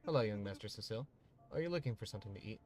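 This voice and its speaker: A man's voice: fairly low pitch, lively intonation, rapid-fire, darkish tone, a little hiss or hum, close to an everyday voice. A man reading the lines of a courteous, deferential female servant. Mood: polite. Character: polite female household servant, attentive.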